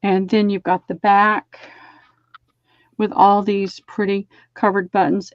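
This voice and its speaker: A woman's voice: mid-range voice, a little mellow, no room sound, lo-fi sound. A woman with a Southern US accent, hosting a live online sale and chatting as she describes fabric pieces. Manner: chatty, describes fabric items aloud while selling. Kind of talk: casual live-sale chat.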